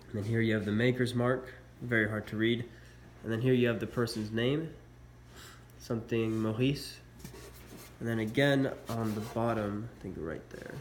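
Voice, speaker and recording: Stuffy-voiced man showing his collection. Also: medium pitch. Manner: casual, hesitant, many uhs. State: stuffy from a cold. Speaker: militaria collector. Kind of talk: casual show-and-tell vlog. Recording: echoey room, faint background noise.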